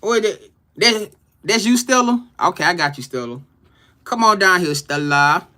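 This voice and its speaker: A man's voice: sits high, expressive, normal speed, pushed and bright. Slangy man doing a live reading. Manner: loose, slangy, greets chat viewers by name, laughs often. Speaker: tarot reader on a live stream. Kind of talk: casual live-stream reading.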